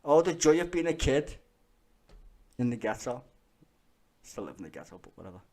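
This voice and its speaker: A man telling stories in casual chat, animated and full of swearing and laughter. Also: mid-range voice, normal speed.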